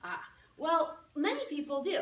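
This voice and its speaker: Bright, animated woman in an echoey room. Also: high-pitched, normal speed, recorded from a distance. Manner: playful, animated teaching. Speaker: laughter yoga presenter. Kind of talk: live demonstration speech to an audience. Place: room with a live audience.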